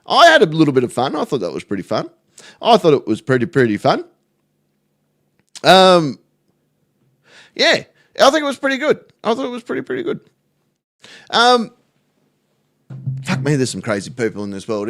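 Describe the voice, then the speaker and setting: A man hosts a live stream, joking and swearing freely as he chats. His voice sits high and swings widely in pitch, bouncing up and down. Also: wildly swooping pitch, normal speed, long pauses, a bit bright. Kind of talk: casual live stream chat.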